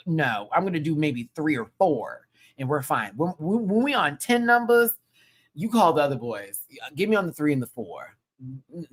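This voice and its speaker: A man hosting his own channel, chatting casually through a recap of a live show, slangy and gushing, with sudden high excited exclamations. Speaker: channel host.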